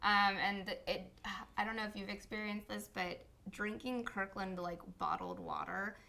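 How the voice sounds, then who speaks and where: A young woman co-hosting a casual live stream chat, chatty and animated when retelling scenes. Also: medium pitch, measured pace, vocal fry. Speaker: co-host.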